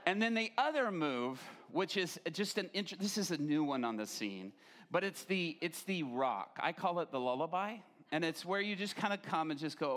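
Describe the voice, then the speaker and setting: A man's voice: fairly high pitch, normal speed. A man, a pastor, telling a humorous story in a sermon and acting out the voices of the people in it. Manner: animated, acts out quoted voices.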